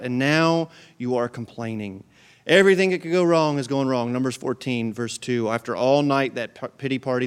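A man's voice: mid-range voice, smooth. A male pastor delivering a sermon, preaching emphatically with repeated phrases and big swings in volume.

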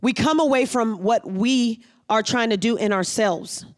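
A pastor preaching a sermon, reading scripture aloud and pausing to explain it, driving points home with repeated phrases. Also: mid-range voice.

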